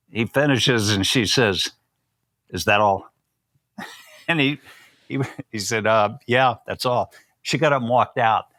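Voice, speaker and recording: An older man tells a long personal story in a relaxed, folksy way, slipping into quoted voices of the people in it. His voice sits in a middle pitch, close to a dry, dead-sounding mic. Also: no echo. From Southern United States. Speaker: guest. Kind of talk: storytelling interview.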